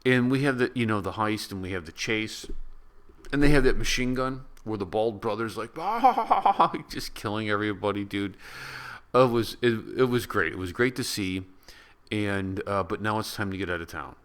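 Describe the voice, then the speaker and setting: American man, deep low voice, casual rambling movie review talk, chatty. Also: normal speed, fairly bright tone, smooth. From United States. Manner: rambling, chatty, laughs at his own stories.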